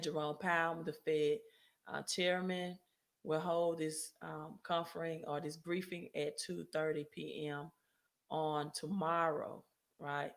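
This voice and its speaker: A woman hosting a casual finance livestream, talking loosely to viewers, often checking in with "right?" and correcting herself mid-sentence. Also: low voice. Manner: chatty, frequent "right?" tag questions and self-corrections. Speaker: credit and finance livestream host.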